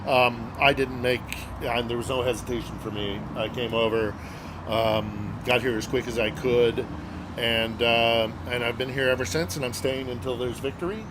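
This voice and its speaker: A man's voice: medium pitch, fairly even intonation, moderate pace, background noise. A middle-aged man, a journalist guest, telling a story casually and earnestly, with many fillers and hesitations.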